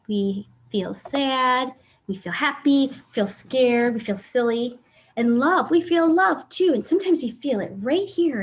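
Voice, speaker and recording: There's slight background noise as a high-voiced woman hosts story time for kids over video call. She reads a picture book aloud animatedly and asks the children questions.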